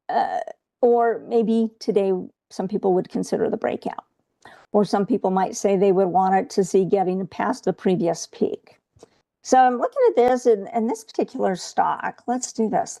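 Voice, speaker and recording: A woman's voice: mid-range voice, vocal fry, warm tone. A woman coaching viewers through a live trading webcast in a chatty way, often checking in with "okay?".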